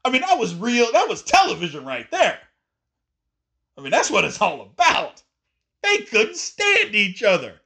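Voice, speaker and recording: A man hosting an opinionated sports talk show, high-pitched and swinging widely up and down as he argues his points. His tone is bright and forceful, and he talks emphatically, sometimes slipping into mock voices of fans. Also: wildly swooping pitch, measured pace, gravelly, breathy edge. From Indiana. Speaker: sports podcast host.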